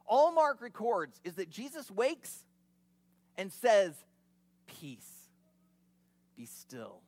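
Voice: mid-range voice, no room sound. Preacher, expository sermon, conversational storytelling, casual asides, dry close sound.

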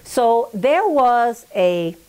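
A woman's voice: on the high side, sing-song, very slow, darkish tone, clear, resonant tone. A woman tells a long family story in an oral history interview. She talks in a reflective, meandering way, circling back to details and checking that her listener follows along. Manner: reflective, digressive, with frequent "you know" and "okay?".

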